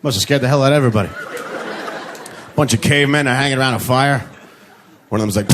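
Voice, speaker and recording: A man performing a stand-up comedy set on a club stage, acting out sneezes with shrieking high yelps, recorded on a handheld mic with audience laughter behind. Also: lively intonation, fairly quick, long pauses, very noisy. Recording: live club mic, loud crowd laughter.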